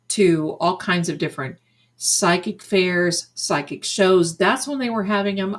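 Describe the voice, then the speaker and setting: An older woman hosting a psychic livestream in casual, effusive chat, full of endearments like "my darling.". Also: on the low side. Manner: chatty and effusive, showering viewers with endearments. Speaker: psychic medium and livestream host.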